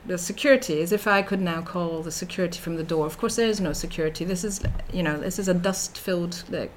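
A middle-aged woman delivers an academic lecture in a somewhat low voice, thinking aloud with many fillers and restarts. A faint noise sits behind her voice. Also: steady tone, fast. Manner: thoughtful, with frequent fillers and restarts. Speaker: researcher giving a talk.

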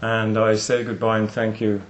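An older man giving reflective closing remarks at a conference, and slowing down to stress lines of poetry. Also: lowish voice, completely flat delivery, dull audio. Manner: reflective, recites poetry with slow emphasis. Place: lecture room. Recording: roomy hall echo.

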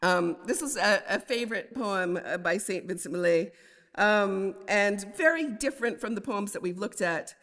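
A woman lecturing on poems and reading them aloud, thoughtful and unhurried, with frequent ums. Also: mid-range voice, a bit bright, big-room sound. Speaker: literature lecturer.

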